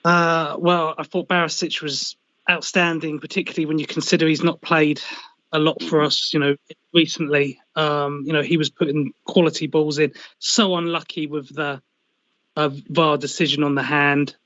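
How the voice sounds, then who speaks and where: A man giving a casual, halting match analysis on a fan radio show, full of restarts and "you know". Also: fairly high pitch, little pitch movement, fairly bright tone, dry recording. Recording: dull dry remote line.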